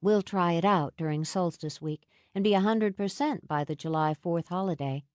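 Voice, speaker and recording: A woman narrator voicing a relaxed, cheerful man, keeping close to her own voice. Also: lowish voice, normal speed, no echo, close to an everyday voice. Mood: pleased. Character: friendly, easygoing man.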